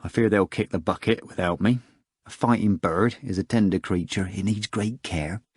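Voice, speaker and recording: A man's voice: low-pitched, moderate pace, a little mellow, breathy edge, dry recording, studio quality. Brief: a man voicing a mournful sighing neighbour, storybook character. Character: bearded red-haired man, sighing and mournful.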